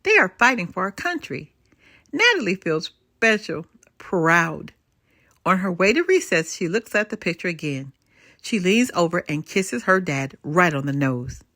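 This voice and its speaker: An older woman reading a bedtime story aloud to children in an expressive, lilting way. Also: on the low side, a little slow, no echo, studio quality.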